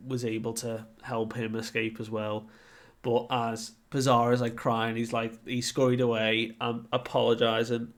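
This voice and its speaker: Dude recapping a manga chapter, takes his time, lots of "like", laid back. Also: mid-range voice. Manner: relaxed, filler-heavy retelling with frequent "like". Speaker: manga reviewer. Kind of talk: casual recap and commentary.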